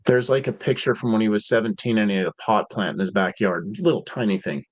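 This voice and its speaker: A man's voice: on the low side, fast, no echo. Laid-back man telling stories. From Seattle, USA. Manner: laid-back, slangy, peppered with "like" and "dude". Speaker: podcast guest. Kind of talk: casual storytelling. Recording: dull, dry podcast audio.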